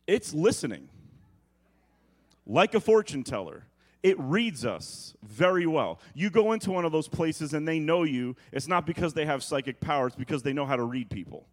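Animated middle-aged male preacher, joking. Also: on the high side. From New York, United States. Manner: animated, acts out quotes and sounds, quick jokey asides. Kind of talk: humorous storytelling sermon.

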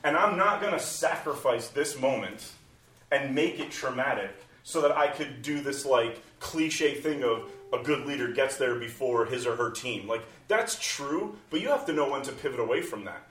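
A man's voice: mid-range voice, expressive, moderate pace, a bit bright. A man in his forties, a pastor, talking conversationally and animatedly, acting out inner voices as he goes. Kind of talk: conversational church talk. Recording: roomy sound from a distant mic.

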